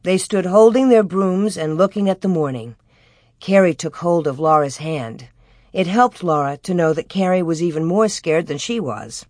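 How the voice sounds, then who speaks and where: A woman reading a children's story aloud as scripted narration, in a gentle storytelling manner, raising her pitch for the children's lines. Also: animated, normal speed, dry recording, clean studio sound. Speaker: audiobook reader.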